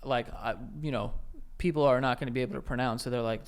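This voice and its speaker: A man's voice: mid-range voice, fairly even intonation, quick pace, clear, resonant tone. A young man co-hosting a podcast, telling rambling, profane stories in casual chat, with lots of "like" and restarts. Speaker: podcast co-host.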